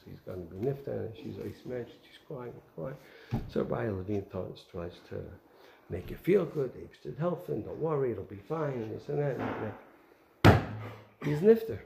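Man, Torah talk, gravelly, warm low tone, echoey room, animated storytelling. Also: a little hiss or hum. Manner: animated, asks rhetorical questions. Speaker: Torah teacher.

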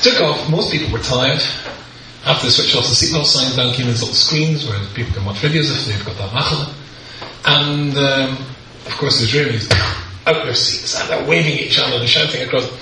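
Animated british rabbi spinning a funny story, bright voice, lots of room echo, far from the mic, faint background hum. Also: male voice, mid-range voice. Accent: British English. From Britain. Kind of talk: humorous anecdote told to an audience.

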